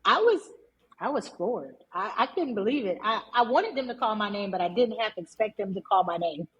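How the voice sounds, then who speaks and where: A woman entrepreneur, a guest on an interview podcast, telling her story in a lively, emphatic way and repeating words for stress. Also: medium pitch, fairly quick, highs cut off.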